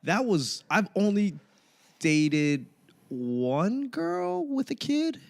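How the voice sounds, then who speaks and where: A man in his late thirties, a stand-up comedian hosting a casual podcast chat, who talks in an animated way, laughs often and acts out the lines he quotes. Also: high-pitched, extremely slow, vocal fry. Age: late 30s.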